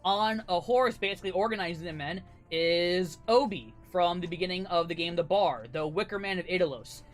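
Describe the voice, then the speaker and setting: A man's voice: high-pitched, a little fast, soft background music. A man narrating a tabletop role-playing game as game master in a loose style, using lots of "like" and laughing often. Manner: loose, filler-heavy narration with frequent laughs.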